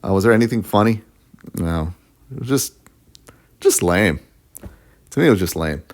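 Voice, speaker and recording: Man, deep voice, blunt sarcastic rant, youtuber, chuckles at own jokes. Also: expressive, moderate pace. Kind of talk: casual rant to camera.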